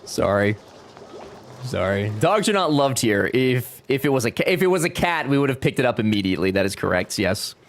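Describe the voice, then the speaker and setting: A man's voice: medium pitch, big pitch swings, brisk. A young man chatting casually with his live-stream chat while playing a game, joking and talking back to viewers.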